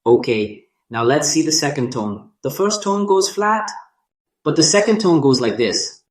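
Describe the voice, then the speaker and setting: A man narrating a scripted language lesson, speaking deliberately and drawing out sounds to demonstrate them. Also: on the high side, big pitch swings. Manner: slow, deliberate delivery demonstrating tones with drawn-out sounds. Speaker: language teacher.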